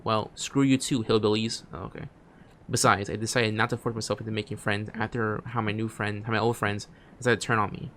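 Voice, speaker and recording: Low-voiced man reading game text. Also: level tone, fast talker, slight background noise. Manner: reads on-screen text aloud, stumbling and restarting phrases; drops quiet asides between read lines. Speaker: streamer. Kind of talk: gameplay commentary, reading game text aloud.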